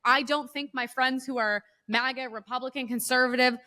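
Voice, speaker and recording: A woman's voice: high-pitched, steady tone, moderate pace, bright, forceful tone. A woman co-hosting a podcast, telling heated stories in casual political chat, profane and emphatic. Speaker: podcast co-host. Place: Los Angeles.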